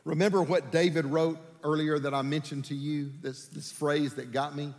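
A male pastor preaching a sermon, telling personal stories with lively delivery and acting out the voices of people in them. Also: on the high side, normal speed, big-room sound. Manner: animated, acts out voices in his stories. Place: church sanctuary.

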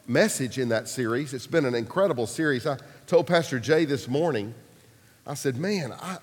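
A pastor preaching a sermon, telling stories casually with humor and acted-out quotes. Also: male voice, medium pitch, moderate pace, breathy edge, in a large hall.

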